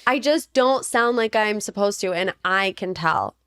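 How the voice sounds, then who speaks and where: A woman around thirty, stuffy and congested, chatting casually as a podcast co-host with an animated, exasperated manner. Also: mid-range voice. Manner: animated, exasperated, quick to laugh. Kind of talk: casual chat.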